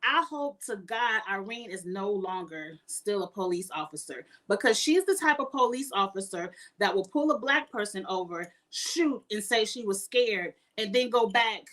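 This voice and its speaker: A woman's voice: medium pitch, lively intonation, moderate pace, hardly any pauses, a bit bright. A woman giving outspoken, emphatic casual commentary as a reality TV reviewer.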